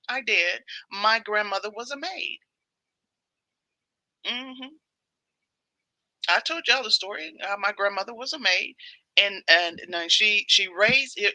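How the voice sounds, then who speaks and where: A woman's voice: medium pitch, lively intonation, takes it slowly, long pauses, bright, forceful tone, no echo, low-quality recording. A woman hosting a casual devotional livestream, chatty and repeating phrases for emphasis.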